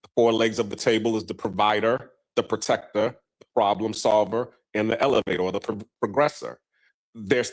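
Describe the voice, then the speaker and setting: A man's voice: on the low side, rough recording. A man hosting a casual talk show, rambling through long stories with lots of ums and restarts. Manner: rambling storytelling with many fillers. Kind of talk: casual discussion.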